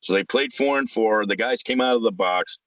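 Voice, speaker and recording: A man's voice: on the low side, moderate pace, fairly bright tone, dry recording, rough recording. A man, hosting a casual sports chat, ranting heatedly, swearing and repeating himself. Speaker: sports podcast host.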